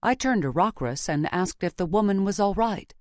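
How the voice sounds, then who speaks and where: A woman narrating a fantasy audiobook in the first person with a steady, measured reading. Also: medium pitch, no room sound, studio quality.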